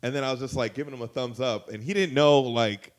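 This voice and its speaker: A man telling a long, profane story in casual chat, his voice jumping high and loud when he quotes people. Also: fast talker. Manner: animated, profane, jumps to high loud pitch when quoting others. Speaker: guest storyteller.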